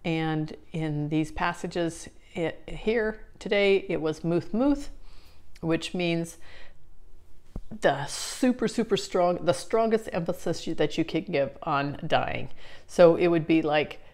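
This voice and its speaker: A woman's voice: fairly low pitch, takes it slowly, darkish tone. A woman explaining scripture in a casual teaching talk, chatty and full of fillers and restarts. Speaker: Bible study teacher.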